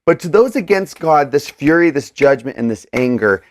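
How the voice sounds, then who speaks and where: A man co-hosting a casual scripture discussion, animated and acting out the verses in voices. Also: on the high side, moderate pace. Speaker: co-host of a scripture study show. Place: indoors with a board.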